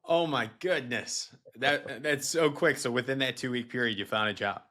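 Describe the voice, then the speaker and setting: A man's voice: medium pitch, moderate pace, pushed and bright. A man hosting a casual interview, reacting with interest and asking follow-up questions. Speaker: podcast host.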